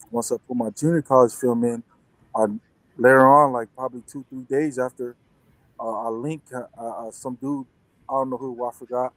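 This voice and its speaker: A man's voice: mid-range voice, dry recording, poor audio. A young man, a football player and interview guest, telling a story in casual chat, rambling with many restarts and fillers.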